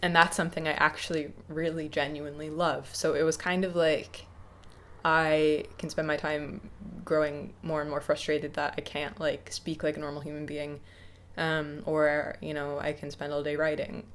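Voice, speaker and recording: Low-voiced hesitant young woman. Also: flat delivery, normal speed, fairly bright tone. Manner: hesitant, many ums and restarts, reflective. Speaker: YouTuber. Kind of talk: casual unscripted talk to camera.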